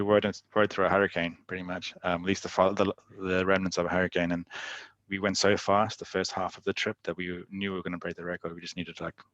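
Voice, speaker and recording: A man's voice: sits low, fairly bright tone, dry recording, lo-fi sound. A man guest telling adventure stories in a casual interview, chatty, with frequent laughs. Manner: laughs often while recounting stories; loose, chatty phrasing full of "like". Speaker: guest, endurance athlete.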